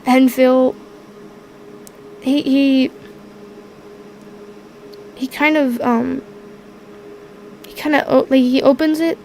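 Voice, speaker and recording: Slow, high-voiced woman game master. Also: fairly even intonation, mellow, a little hiss or hum, low-quality recording. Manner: hesitant, searching for words. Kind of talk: narrating a tabletop game.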